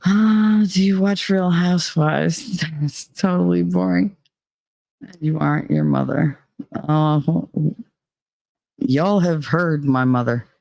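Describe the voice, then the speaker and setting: A woman chats casually to her viewers in a gravelly voice, rambling from one thought to the next and swearing freely. She sounds shaky and dizzy after a panic attack. The recording is close and dry. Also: low-pitched, slow pace, darkish tone, dry recording. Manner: rambling, swearing, laughing often. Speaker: streamer chatting with viewers. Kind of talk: casual live-stream chat.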